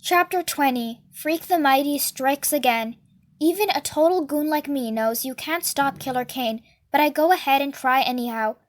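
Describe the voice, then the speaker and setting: A woman narrates a novel aloud for listeners in steady, earnest tones. Her voice is high. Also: normal speed. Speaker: book reader. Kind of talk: read-aloud storytelling.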